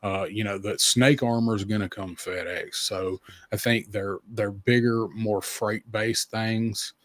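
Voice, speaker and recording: A man's voice: fairly low pitch, fairly even intonation, measured pace, fairly bright tone, dry recording. A man hosting a casual podcast, talking in an easygoing, rambling way with lots of fillers. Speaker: podcast host. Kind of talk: casual chat.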